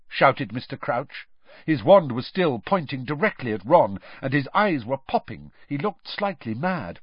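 Male audiobook reader, lively and dramatic, slightly husky. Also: medium pitch, a little slow, no room sound, muffled recording. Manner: dramatic, expressive reading. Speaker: audiobook narrator. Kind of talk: audiobook narration.

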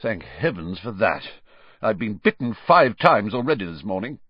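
A man voicing a harried, impatient bookshop manager in a storybook reading, going shrill and frantic. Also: big pitch swings, moderate pace, husky, no echo, lo-fi sound. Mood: relieved.

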